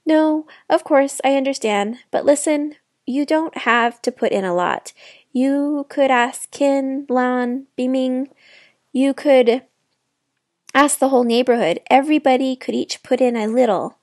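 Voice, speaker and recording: A woman's voice: high-pitched, a little slow, a little mellow, dry recording, clean studio sound. A woman reading aloud, voicing a proud, worried mother who puts on a cheerful front. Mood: coaxing. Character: proud, anxious immigrant mother.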